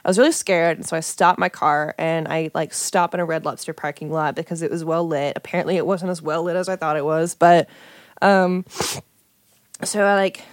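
A young woman with a lowish voice tells a personal story in casual chat. She is animated, acts out what people said, and swears freely. The recording is dry and close. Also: fairly quick, dry recording. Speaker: guest telling a personal story.

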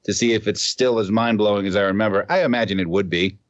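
A man hosting a podcast in casual chat, talking haltingly with many restarts. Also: fairly low pitch, fairly even intonation, highs cut off. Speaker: podcast host.

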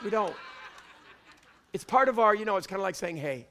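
A man from Canada with a Canadian accent, preaching a fiery sermon in church and often shouting. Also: high-pitched, expressive, brisk, a faint crowd, slight background noise. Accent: Canadian English. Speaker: pastor. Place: church before a congregation.

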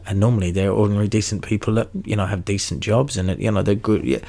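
A man's voice: fairly low pitch, fast talker, dark tone. A young man from London with a London accent, talking casually and at length on his podcast, rambling with many restarts and swearing freely. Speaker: podcast host. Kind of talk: casual solo podcast monologue.

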